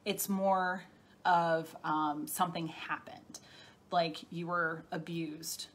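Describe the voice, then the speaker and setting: A woman's voice: on the low side, little pitch movement, slow pace. A middle-aged woman talking casually on a live stream as a spiritual healer, chatty and laughing often as she answers viewer comments. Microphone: phone or webcam.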